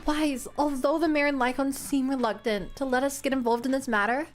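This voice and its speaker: A woman voicing a determined young female proxy in a video game, reading the lines quickly and steadily. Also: high voice, fairly even intonation, soft background music, close to an everyday voice.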